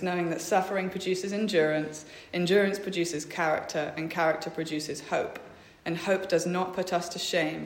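A young woman tells her faith story in a flat, level voice, pausing often and filling gaps with ums. She reads verses aloud between her own thoughts. The room around her gives a clear echo. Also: fairly low pitch. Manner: hesitant, many ums, reads out Bible verses. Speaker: speaker sharing a faith testimony. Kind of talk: personal faith testimony. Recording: echoey room.

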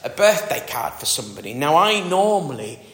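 A man's voice: fairly high pitch, big pitch swings, fairly quick, fairly bright tone. A middle-aged man with a northern English accent preaching a sermon in a chatty, self-deprecating way, often asking the congregation questions. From northern England. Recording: echoey hall with long reverb.

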